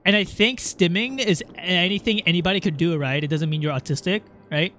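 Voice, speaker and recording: A man's voice: high voice, a little fast, pushed and bright, faint music behind. A young man streaming a game in casual chat, rambling, swearing and reading game lines aloud.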